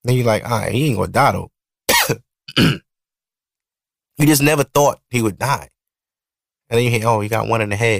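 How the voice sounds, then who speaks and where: A man in his thirties with a Brooklyn accent hosts his own podcast and talks in a loose, rambling, profane way. His voice sits in a middle pitch with a gravelly edge. The sound is dry and close, with no room around it. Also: expressive, moderate pace, long pauses, dry recording. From Brooklyn, New York. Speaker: podcast host. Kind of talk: casual solo podcast talk. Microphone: studio mic.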